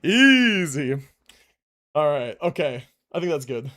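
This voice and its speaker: A young man livestreams from a room at home, his voice a little high, sing-song and fairly bright, taking things slowly. Out of breath after push-ups, he chats casually and loosely with lots of restarts and fillers. He uses a desk mic but keeps moving away from it.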